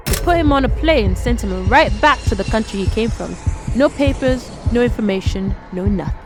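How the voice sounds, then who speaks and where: A woman's voice: on the high side, normal speed, faint music behind. A woman narrating a true-life story in a casual, conversational way, talking straight to listeners. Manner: animated, conversational, addresses listeners directly.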